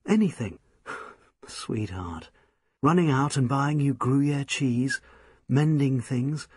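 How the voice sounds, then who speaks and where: A man's voice: medium pitch, expressive, takes it slowly, husky, dry recording, studio quality. A man voicing a young woman, an earnest and devoted music student, in an audiobook reading. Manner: eager, tender, pleading. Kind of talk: audiobook character voice.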